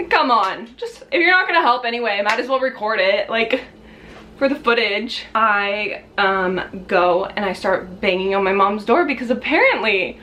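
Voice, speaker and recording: A young woman vlogger telling a casual storytime, chatty with lots of fillers, acting out quotes in shrill high voices. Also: expressive, unhurried, sharp tone, slight background noise.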